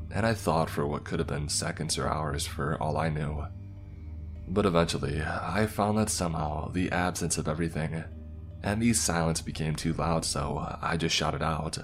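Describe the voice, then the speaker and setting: Very deep-voiced man narrating horror. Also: fairly even intonation, normal speed, faint music behind. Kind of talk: scripted narration.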